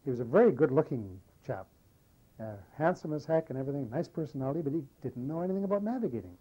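An older man recounting wartime memories in an oral history interview, a lively storyteller who acts out the dialogue. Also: on the high side, fast talker, dull audio. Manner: lively anecdotal storyteller, animates quoted dialogue. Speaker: war veteran interviewee.

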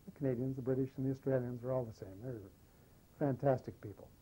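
An older man recounting wartime memories in an oral history interview, a lively storyteller who acts out the dialogue. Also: mid-range voice, quick pace, poor audio. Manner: lively anecdotal storyteller, animates quoted dialogue. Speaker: war veteran interviewee.

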